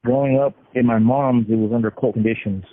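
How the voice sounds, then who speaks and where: A middle-aged man from California, an inmate, tells his life story over a prison phone call, halting and restarting his sentences often. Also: medium pitch, steady tone. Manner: halting, with frequent restarts and repeated words. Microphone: prison telephone. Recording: tinny phone line with faint hiss.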